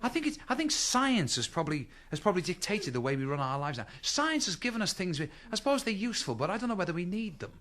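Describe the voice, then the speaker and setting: Lively comedian working the crowd. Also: male voice, high-pitched, quick pace, few pauses. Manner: chatty, quips to the audience with rhetorical questions. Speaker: stand-up comedian. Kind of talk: stand-up routine. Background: audience laughter.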